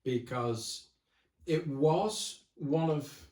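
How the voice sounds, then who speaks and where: A man's voice: on the high side, very slow, a little mellow. A man, a guest pastor chatting casually and jokingly on a podcast. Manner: chatty, jokey, laughing as he talks. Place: church cellar. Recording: roomy, distant mic.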